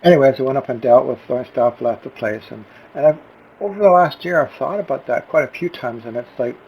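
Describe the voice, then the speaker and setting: A man's voice: mid-range voice, fairly quick, breathy edge, muffled recording. A man talking earnestly to camera in a reflective personal vlog, searching for words and restarting his sentences, close to tears. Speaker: vlogger.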